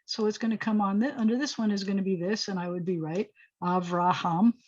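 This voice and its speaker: A woman's voice: medium pitch, fast, a little mellow, highs cut off. A woman rabbi teaching a Hebrew class online, explaining step by step in a chatty way and thinking aloud as she goes. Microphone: video call.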